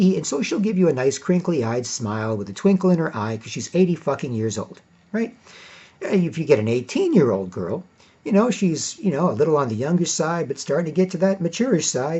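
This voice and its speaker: A man's voice: mid-range voice, mellow, breathy edge. A man delivering a rambling, profane monologue, acting out the exchanges he quotes. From Canada. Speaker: commentator. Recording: dull lo-fi recording.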